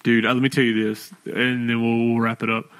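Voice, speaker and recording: Man, young adult, podcast chat, animated storytelling, mid pitch. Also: fairly quick, clean tone. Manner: animated storytelling, acting out his son. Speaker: podcast co-host. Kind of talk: casual chat.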